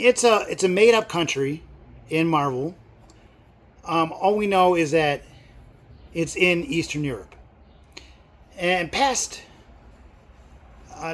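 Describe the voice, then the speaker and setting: A middle-aged man vlogging in a casual, rambling way, full of fillers and sudden excited outbursts. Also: on the high side, slow, pauses often. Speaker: movie vlogger. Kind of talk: casual chat.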